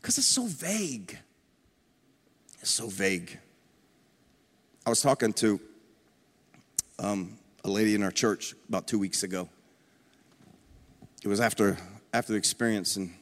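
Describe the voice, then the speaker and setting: A man's voice: lowish voice, big-room sound. A man preaching as a pastor, earnest and impassioned, repeating phrases and rising to emphatic peaks. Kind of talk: sermon.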